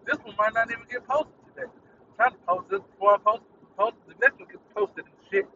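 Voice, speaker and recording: A man with a high, bright voice rants on his podcast in an irritated, rambling way, cursing freely. He sits a little back from a muffled, dull-sounding mic. The faint hum of passing traffic sits behind him. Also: expressive, brisk, far from the mic. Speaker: podcast host. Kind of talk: casual solo rant.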